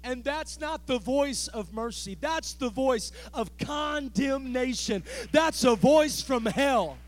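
A man preaching a sermon in church, building into a shouted, rhythmic cadence broken by "uh" between phrases. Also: extremely high pitch, animated, slow. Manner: speaks in tongues. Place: church sanctuary.

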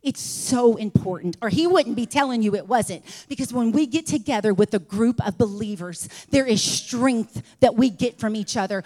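A woman preaching a sermon in a church, fervent and repetitive, rising to shouts. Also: a little high, normal speed, hardly any pauses, in a large hall.

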